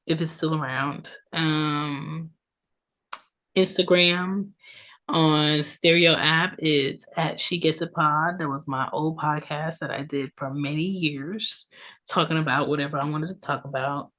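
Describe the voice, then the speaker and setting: A woman's voice: sits low, fairly even intonation, unhurried, fairly bright tone. A woman in her thirties hosting her own podcast, chatting casually with lots of ums and tag questions, her voice congested from allergies. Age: 30s. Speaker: podcast host. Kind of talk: casual solo podcast talk.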